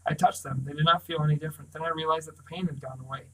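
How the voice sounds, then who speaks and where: A man reads a novel aloud in first person, keeping his narration steady. His melody hardly moves, and his voice sits slightly high for a man. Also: racing, rough recording. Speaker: audiobook reader.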